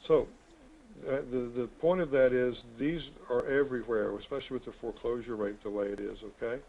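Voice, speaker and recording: A man's voice: medium pitch, steady tone, a little fast, vocal fry. A man hosts an online real estate coaching call, talking in a folksy, rambling, chatty way. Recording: tinny phone-like web call audio.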